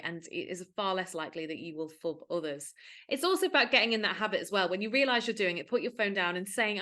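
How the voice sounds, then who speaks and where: A woman's voice: mid-range voice, pushed and bright. A woman, a digital wellbeing coach, explaining in an earnest, conversational way and acting out quoted speech. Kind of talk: talking-to-camera explainer.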